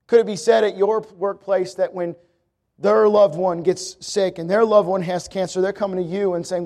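A man's voice: sits high, steady tone, moderate pace, darkish tone. A young man preaching a sermon, emphatic and repetitive, building his points around a repeated refrain.

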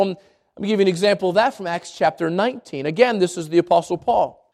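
High-voiced man preaching a sermon. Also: fast talker, darkish tone. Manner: earnest, repeats and restarts phrases. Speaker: pastor.

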